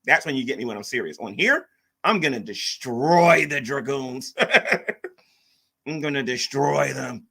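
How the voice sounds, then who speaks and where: Lively, bright-voiced man rambling on stream. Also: medium pitch, unhurried, creaky, slightly rough. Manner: rambling, repeats himself, reacts to chat. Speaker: livestream host. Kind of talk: casual livestream chat.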